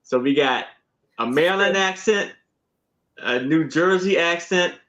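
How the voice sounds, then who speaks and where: An easygoing man talks slowly in a relaxed live chat and laughs often. His pitch is a touch high. The sound is slightly dull. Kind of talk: casual live-stream chat.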